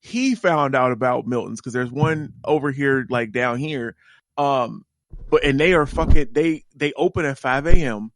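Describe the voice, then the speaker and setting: Excitable, profane podcast co-host. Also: male voice, mid-range voice, moderate pace, no room sound. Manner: animated, profane, excitable storyteller. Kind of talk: casual chat.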